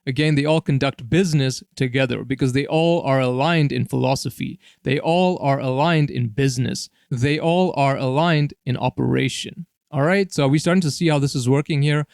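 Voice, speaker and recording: A man's voice: mid-range voice, moderate pace, gravelly, a little mellow, dry recording, studio quality. A man hosting a solo commentary video, explaining in long repetitive lists and often checking in with "all right?". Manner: repetitive, piles up list phrases, tags "all right?". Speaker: political commentary host.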